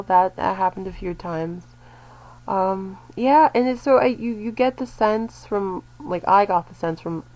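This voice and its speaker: Woman vlogger, casual reaction chat, rambling and animated, lots of restarts. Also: mid-range voice, low-quality recording. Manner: exasperated about online critics.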